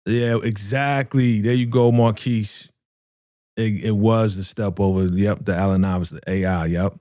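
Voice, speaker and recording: A man with runs a live reaction stream. He talks in a mellow, warm voice and swings from loud hype to low mutters while he reads out viewer comments. The sound is close and dry. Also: moderate pace, no echo. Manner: animated, slangy, reads viewer comments aloud. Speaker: reaction show host.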